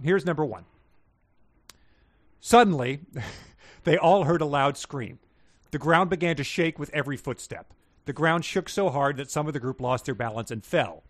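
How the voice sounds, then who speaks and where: A man's voice: a little high, no echo, studio quality. A man co-hosting a podcast, chatting casually and reading book passages aloud with laughing asides. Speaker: podcast co-host.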